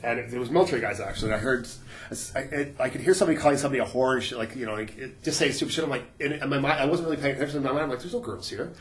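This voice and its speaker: Fast-talking man, laughing stories. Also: mid-range voice, roomy sound, a little hiss or hum. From Canada. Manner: profane, laughs through his stories. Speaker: podcast guest, former fighter and prison guard. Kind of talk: casual storytelling.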